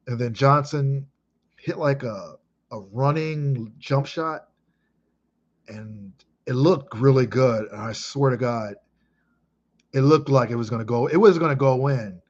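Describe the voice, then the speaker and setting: A man in his thirties from Chicago, reminiscing casually in an emphatic, excitable way with heavy swearing. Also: medium pitch, measured pace, long pauses, muffled recording. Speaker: vlogger.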